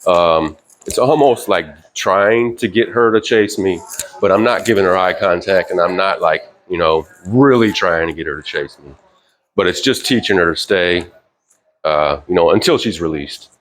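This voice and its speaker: A very low-voiced man talks through dog training in a loose, casual way, full of "you know" and "like". His commands to the dog come out short, a bit louder and sharper than the rest of his speech. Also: normal speed. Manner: relaxed, rambling with fillers, sharp higher commands to the dog. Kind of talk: casual instructional talk. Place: indoors with a dog.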